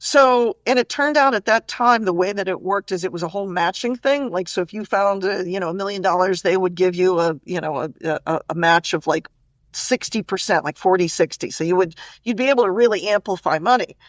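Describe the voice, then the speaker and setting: Middle-aged woman, interview guest; lively, filler-heavy storyteller, mid pitch, dry sound. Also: a little fast, no echo. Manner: animated, chatty storyteller with many "you know" and "like" fillers.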